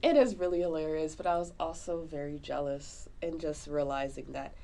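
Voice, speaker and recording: A woman co-hosting a podcast, reviewing a movie in casual, animated chat full of slang. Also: low voice, moderate pace, gravelly. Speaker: podcast co-host.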